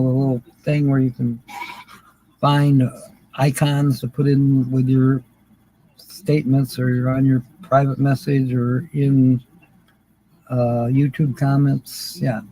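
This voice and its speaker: As host of a livestream word game, an older man chats casually and often chuckles while reading viewers' names aloud. His mid-range voice is dark in tone, on a low-quality recording.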